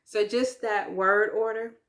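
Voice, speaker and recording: Speaking to the camera in a relaxed way, a woman learning French has a steady, fairly bright mid-range voice. English is her first language; she's chatty and self-deprecating, with many ums and likes, and says French words slowly and carefully.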